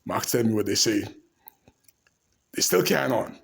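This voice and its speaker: A man telling animated, laugh-filled anecdotes to the camera in a casual way. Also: on the low side, moderate pace, vocal fry. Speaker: storyteller.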